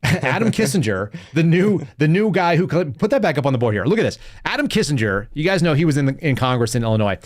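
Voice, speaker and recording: A man's voice: fairly high pitch, very animated, fast. A man hosting a live political podcast, reading news articles aloud and commenting in a combative, sarcastic way. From Texas. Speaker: podcast host.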